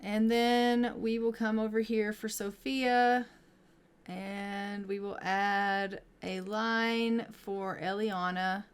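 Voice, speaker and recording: An unhurried woman talks her way through a life-simulation game in a relaxed, chatty commentary. She fills pauses with ums and often speaks to her characters or voices their lines for them. Her voice is smooth and clear. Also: medium pitch. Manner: frequent ums and drawn-out phrasing. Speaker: gameplay commentator.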